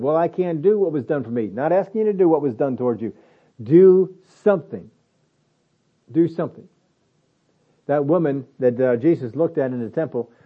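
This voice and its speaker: A man preaching a conversational sermon, slowing down to repeat his key phrases for emphasis. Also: mid-range voice. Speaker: pastor. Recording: phone-like narrow band.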